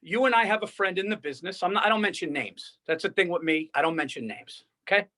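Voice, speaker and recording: A man's voice: sits high, quick pace, sharp tone. Worked-up guy on a comedy podcast, rambles and swears, keeps telling stories. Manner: rambling, profane, worked-up storytelling. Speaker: podcast co-host. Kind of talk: casual comedy podcast chat.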